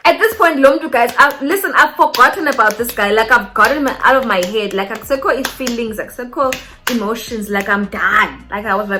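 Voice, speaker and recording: Young South African woman, casual storytime vlogger, animated and chatty. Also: fairly high pitch, brisk, hardly any pauses, music in the background. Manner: animated, code-switching, talks straight to viewers.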